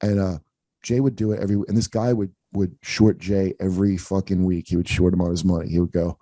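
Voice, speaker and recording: A man's voice: sits low, little pitch movement, fairly quick, warm tone, no room sound. A man hosting a comedy podcast, telling rambling, profane stories in casual chat. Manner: profane, rambling anecdotes with acted-out quotes.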